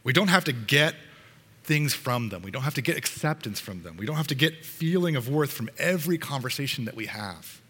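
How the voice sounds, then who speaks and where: Bright-voiced man preaching in a hall. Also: medium pitch, expressive, brisk, breathy edge. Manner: earnest, conversational preaching with restarts. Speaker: pastor. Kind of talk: sermon.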